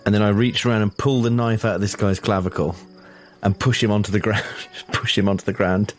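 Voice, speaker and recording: A man's voice: lowish voice, fairly even intonation, fairly quick, faint music behind. A man playing in a tabletop horror game, casual, laughing, with short replies. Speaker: player.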